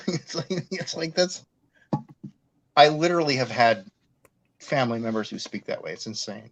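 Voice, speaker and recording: A man from Massachusetts in casual chat, animated and effusive, often laughing as he talks. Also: mid-range voice, normal speed, long pauses, low-quality recording. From Worcester, Massachusetts. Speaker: chat participant.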